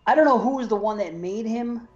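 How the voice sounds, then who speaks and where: An excitable male podcast host chats loosely, laughing often and tripping over his restarts. His voice sits fairly high for a man. The audio is a little dull and lo-fi. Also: a little fast. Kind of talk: casual chat.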